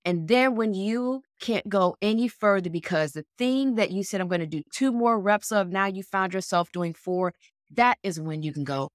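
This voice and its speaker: A woman's voice: on the low side, moderate pace, dry recording, clean studio sound. A woman co-hosting a podcast in an earnest, encouraging coaching tone. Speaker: podcast co-host. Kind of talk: motivational casual chat.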